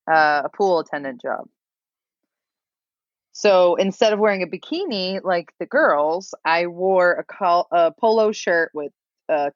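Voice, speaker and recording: A woman's voice: on the low side, no room sound, dull audio. A young woman, a podcast guest, telling a rambling self-mocking story and laughing often. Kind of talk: casual storytelling.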